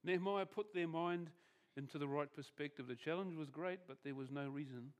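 A man with a fairly high voice preaches briskly, giving a conversational sermon in his role as pastor. Restarted phrases are common, and his thoughts frequently trail off in a softer voice.

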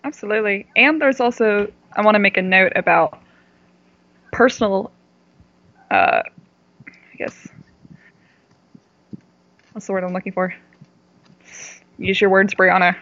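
Woman w/ a gravelly voice, podcast guest chatting, dry dull-sounding audio. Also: medium pitch, sing-song, fairly bright tone, no echo. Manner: candid, storytelling, pauses searching for words. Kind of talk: casual interview chat.

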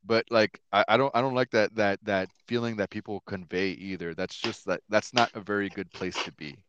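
A man's voice: lowish voice, steady tone, brisk, fairly bright tone, highs cut off, a little hiss or hum. Rambling, swearing man in his thirties. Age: 30s. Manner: rambling, profane, full of fillers. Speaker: podcast host. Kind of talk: casual podcast chat.

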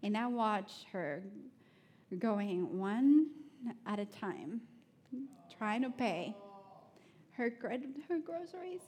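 A woman giving a sermon, telling personal stories in an animated way with laughter and soft, prayerful asides. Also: a little high, slow, breathy edge. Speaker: speaker at a church.

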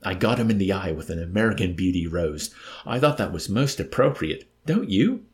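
A man's voice: sits low, sing-song, moderate pace. A man doing a suave, mocking old villain. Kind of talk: audiobook character voice.

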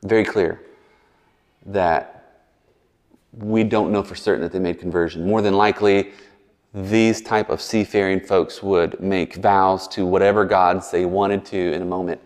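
Chatty preacher in a big reverberant hall. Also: male voice, sits low, fairly even intonation, a little slow, a little mellow. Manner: chatty, verbose, digressing with asides and jokes. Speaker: pastor. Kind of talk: sermon. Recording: long reverb in a large hall.

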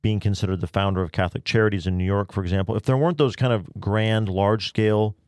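A man's voice: lowish voice, quick pace, darkish tone, dry recording, clean studio sound. A man co-hosting a podcast, speaking in a thoughtful, reflective way. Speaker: podcast co-host. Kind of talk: casual discussion.

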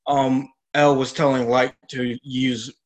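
A man co-hosting a casual chat, talking in a halting way with repeated words as he corrects details. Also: medium pitch, little pitch movement. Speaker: podcast co-host. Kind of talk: casual chat recapping an anime.

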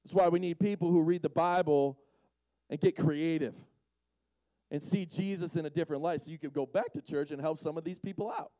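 High-voiced man preaching with jokes. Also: fairly quick, dark tone, dry recording, low-quality recording. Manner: jokey, acts out scenes in quoted voices. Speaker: youth speaker. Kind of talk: humorous Bible-story preaching.

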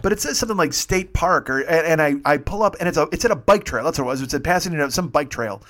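A young man telling a story in casual, profane podcast chat, acting out the other people's lines. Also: fairly high pitch. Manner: fast, profane, animated, acts out dialogue. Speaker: podcast host.

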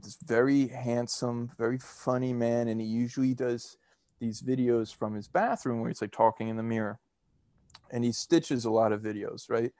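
Male podcast co-host, mid pitch, dry close sound, rambling storyteller. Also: darkish tone, no room sound. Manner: rambling, chatty storytelling with fillers and laughs. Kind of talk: casual chat.

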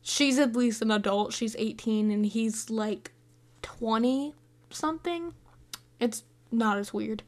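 A woman's voice: a little high, takes it slowly, a little mellow. A young woman hosting a podcast, rambling through a casual film review with constant fillers and restarts. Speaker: podcast host.

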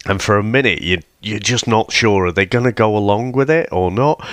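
A man with a very low, deep voice recounting favourite film moments on a podcast. The sound is dry and close, and he chuckles warmly as he talks. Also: moderate pace, no room sound. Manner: enthusiastic, chuckling, relaxed storytelling. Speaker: podcast co-host. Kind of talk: casual film review chat.

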